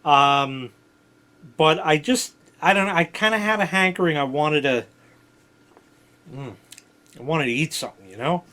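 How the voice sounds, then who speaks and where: A man's voice: a little high, normal speed, long pauses, pushed and bright. A middle-aged man from New York telling a rambling story in casual chat, blunt and digressive, swearing freely. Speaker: vlog host telling stories.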